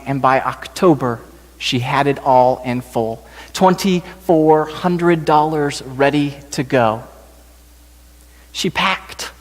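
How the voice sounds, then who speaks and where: Pastor guy telling a christmas story real slow, kinda high voice, big church reverb. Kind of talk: storytelling sermon. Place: church sanctuary.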